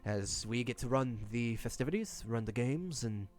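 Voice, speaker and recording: A man's voice: medium pitch, animated, normal speed, faint music behind, close to an everyday voice. A man voicing a polite, dutiful male town guard who talks hesitantly, with many fillers and restarts. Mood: earnest.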